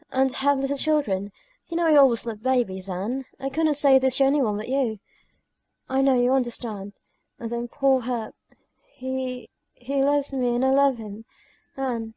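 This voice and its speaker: A frail, frightened young woman near death, read by a woman narrator, speaking in halting, tearful pleas in an audiobook. Her fairly high voice is soft and mellow. The recording is close and dry. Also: dry recording, lightly acted. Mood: pleading. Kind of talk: audiobook character reading.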